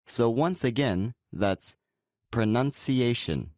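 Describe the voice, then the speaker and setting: A man co-presenting a scripted pronunciation lesson, explaining in a relaxed way and saying example words slowly and clearly. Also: lowish voice, no echo, clean studio sound. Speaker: pronunciation teacher.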